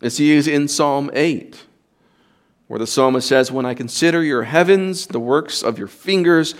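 Man, pastor, sermon, slow unhurried delivery, earnest, emphatic, mid-pitched voice. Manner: earnest, emphatic preaching with repetitions and restarts.

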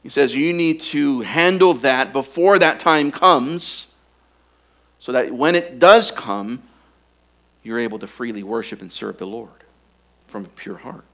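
A man's voice: medium pitch, lively intonation, measured pace. Earnest male preacher mid-sermon. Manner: earnest, urging, drops to quiet intensity on key points. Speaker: pastor.

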